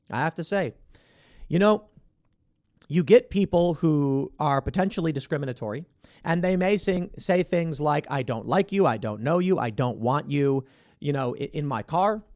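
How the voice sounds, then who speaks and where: A man's voice: a little high, dry recording, clean studio sound. A man hosting a commentary show, talking in a sarcastic, opinionated way and acting out the voices he quotes. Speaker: podcast host.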